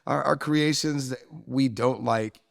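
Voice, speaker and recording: A man's voice: mid-range voice, a little slow, vocal fry. Chatty man hosting an interview. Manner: relaxed, chatty, laughs along. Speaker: interview host. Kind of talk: casual interview.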